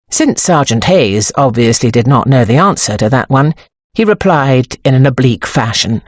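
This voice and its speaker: A woman narrating an audiobook in a measured, expressive storytelling manner, close to the microphone. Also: extremely low pitch, no room sound. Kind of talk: scripted narration.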